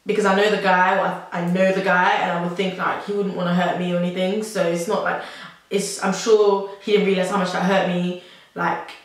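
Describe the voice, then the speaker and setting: This vlogger is a young woman from South London with a fairly low, level voice, talking fairly quickly. She tells a personal story to camera in a rambling, chatty style full of "like" and nervous laughter. It's recorded on a camera mic in a very echoey room.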